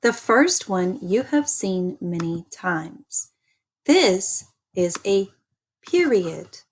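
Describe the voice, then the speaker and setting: A woman teaching an early-grade reading lesson, speaking slowly and deliberately and repeating little chants for children. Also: mid-range voice, big pitch swings, slight background noise.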